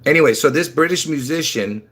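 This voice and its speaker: A man's voice: on the high side, brisk. Rambling man on a livestream. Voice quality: slightly slurred from dentures. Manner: rambling, repeats himself, bursts into excited emphasis; chuckles at his own slips. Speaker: livestream host. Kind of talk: rambling religious livestream talk.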